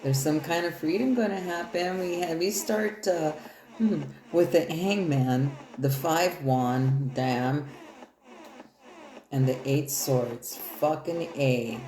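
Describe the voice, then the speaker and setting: A woman's voice: low voice, slow. A woman giving a loose, rambling tarot reading in casual, profane talk. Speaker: tarot reader. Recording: echoey room with loud music.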